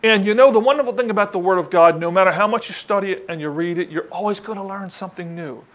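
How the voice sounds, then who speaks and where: A man preaching a sermon in a chatty, conversational way, often asking the congregation questions. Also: quick pace. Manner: conversational, asks the congregation questions, lively rises in pitch.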